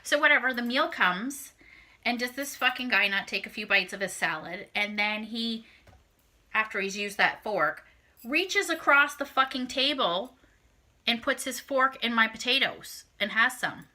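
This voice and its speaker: Speaking to camera at a measured pace, this vlogger recounts a dating story in a casual, blunt way, swearing heavily and performing her own reactions. Her pitch sits fairly high, and her delivery is expressive with a sharp tone.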